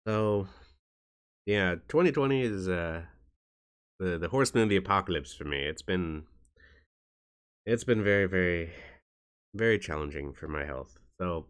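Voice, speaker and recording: A man's voice: low-pitched, animated, moderate pace, pauses often, smooth. A man chatting on his vlog in a joking, rambling and self-mocking way. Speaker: YouTuber. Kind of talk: casual vlog chat.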